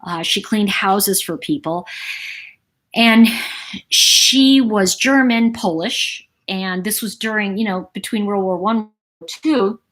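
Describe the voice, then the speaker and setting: A woman's voice: mid-range voice, takes it slowly, fairly bright tone. A middle-aged woman hosting a livestream, telling a long personal story in a chatty, rambling way with asides to her viewers. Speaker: livestream host.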